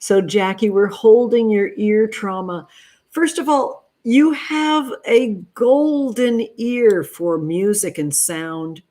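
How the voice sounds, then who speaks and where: A tarot reader hosts an affectionate livestream outdoors in her backyard, speaking tenderly and dotingly to viewers and calling them honey and sweetheart. Her mid-range voice is dark-toned and slow.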